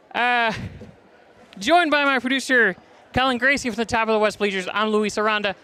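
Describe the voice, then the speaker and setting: Bright breathless high school sports announcer man. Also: smooth. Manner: energetic, fast-talking, reading stats and names. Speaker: play-by-play broadcaster. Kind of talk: sports broadcast preview. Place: top of gym bleachers.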